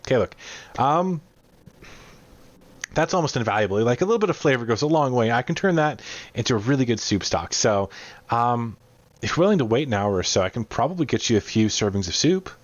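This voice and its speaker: A man's voice: mid-range voice, animated, brisk, no room sound, highs cut off, lightly acted. A man voicing a frightened woman cook in a tabletop game, anxious and eager to trade. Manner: anxious, pleading, fluttery.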